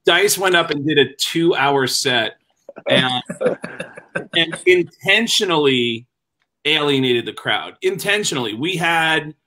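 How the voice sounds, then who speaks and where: A man's voice: on the high side, lively intonation, slow, bright, forceful tone, poor audio. A man co-hosting a comedy podcast, telling a story in a casual, conversational way. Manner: laughing, swearing, conversational.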